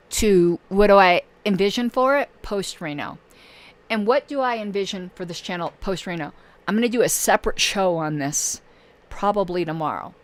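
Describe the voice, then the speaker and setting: A woman hosting her own channel in casual livestream talk, losing her voice and pausing often with fillers. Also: medium pitch. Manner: halting, many filler pauses. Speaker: political channel host.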